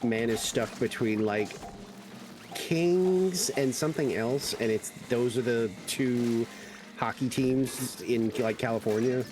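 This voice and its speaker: Against a noisy background, a man with a medium-pitched voice talks slowly while streaming a game. He chats casually, rambling through stories packed with fillers.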